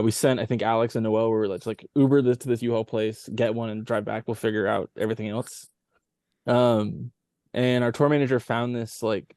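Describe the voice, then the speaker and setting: A man's voice: lowish voice, darkish tone, no room sound. Guest musician, male, rambling casual storyteller, close dry mic. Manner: rambling, many "like" fillers. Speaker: touring band member, podcast guest.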